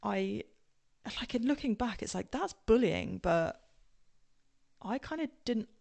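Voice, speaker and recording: A woman's voice: a little high, animated, unhurried, creaky, a little mellow. A young English woman with a posh southern English accent, telling her story casually with many ums, tangents and laughs. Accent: southern English, now posh-sounding. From England. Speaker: podcast guest.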